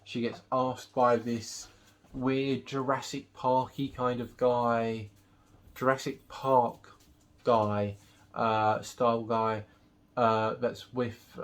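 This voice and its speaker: A man in a casual movie review vlog, talking at an everyday middle pitch. He recaps the plot loosely, pausing often on ums and uhs as he goes. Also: flat delivery. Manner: rambling recap with many fillers. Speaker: film reviewer.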